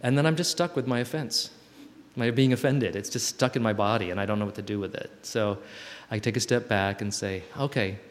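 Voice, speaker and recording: A man's voice: fairly low pitch, brisk. A man talking reflectively to a group, thoughtful and searching for words as he goes. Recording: long hall reverb.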